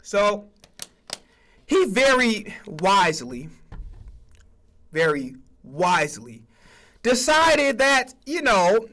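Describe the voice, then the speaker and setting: A man hosting a stream, ranting casually about sports with profanity and acting out mock conversations. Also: high-pitched. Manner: animated, profane, acts out mock dialogue. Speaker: streamer host.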